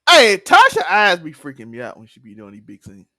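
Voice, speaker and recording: A man chats through a TV recap in a loose, laughing way, often acting out quotes. His voice sits fairly high and the recording is dry and close. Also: wildly swooping pitch, a little fast, pushed and bright, dry recording. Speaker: podcast co-host. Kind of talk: casual TV recap chat.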